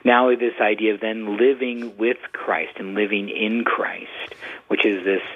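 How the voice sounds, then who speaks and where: Priest guy talking casual, husky lowish voice, sounds like it's coming thru a phone. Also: fairly even intonation, moderate pace. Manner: conversational, uses "like" often. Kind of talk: casual explanatory talk. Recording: tinny phone-like radio sound.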